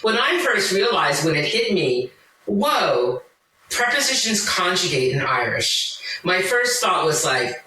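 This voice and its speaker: Enthusiastic woman guest, bright tone, heard from a distance in a roomy space. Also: lowish voice, big pitch swings, measured pace. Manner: enthusiastic, full of asides and tangents. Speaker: podcast guest. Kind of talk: conversational explaining.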